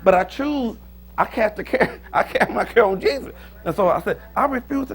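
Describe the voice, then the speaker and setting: Animated pastor with a high, lively voice. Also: male voice, moderate pace. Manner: lively, joking preaching with sudden loud high bursts. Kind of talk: sermon. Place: church.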